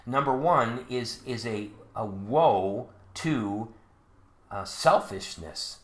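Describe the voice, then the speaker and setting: A man's voice: medium pitch, takes it slowly. A man preaching a sermon, reading scripture verse by verse and asking rhetorical questions. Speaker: pastor. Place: church sanctuary. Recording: echoey church sanctuary.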